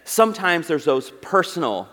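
A man preaching in a church, speaking in a fairly high voice. He chats his sermon, jumps up in pitch when he acts out quoted lines, then goes soft and earnest. The big room gives his voice a long reverb tail. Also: very animated, normal speed. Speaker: pastor. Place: church sanctuary.

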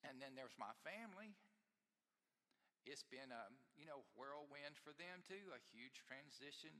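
A man, a pastor, preaching a sermon and telling a personal story in a lively, self-deprecating way. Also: a little high, a little slow, long reverb tail. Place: church sanctuary.

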